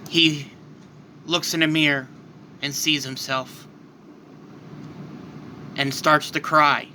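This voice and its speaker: A man's voice: a little high, flat delivery, slow, sharp tone, a little hiss or hum. A man casually narrating a fan-made what-if story, loose and rambling with restarts.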